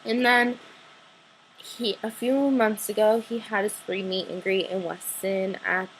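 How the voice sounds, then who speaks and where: A teenage girl, gushing breathlessly about meeting her idol, full of likes and sudden excited squeals. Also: unhurried, slight background noise, rough recording. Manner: breathless gushing with many likes, jumps high when excited. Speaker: fan telling a story. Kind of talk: excited personal vlog storytelling.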